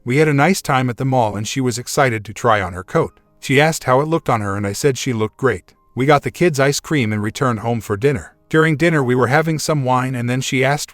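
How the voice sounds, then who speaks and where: A man at a middle pitch narrates a written first-person account in a steady, even way. His voice is close and dry, with no room sound around it. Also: a little fast, few pauses, no echo, soft background music. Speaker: story reader.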